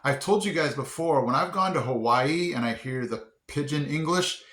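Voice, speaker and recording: A man's voice: on the high side, animated, moderate pace, fairly bright tone. A man hosting a casual vlog, chatty and upbeat, often poking fun at himself. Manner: upbeat, chatty, self-deprecating. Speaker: vlog host. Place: indoor room. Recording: roomy echo.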